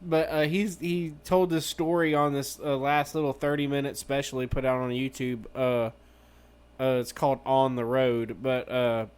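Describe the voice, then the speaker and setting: A man's voice: flat delivery, moderate pace, darkish tone, clear, resonant tone. A young man chatting casually as a podcast co-host, rambling and swearing, laughing often. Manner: rambling, profane, laughs a lot, jumps into high put-on voices. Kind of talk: casual chat.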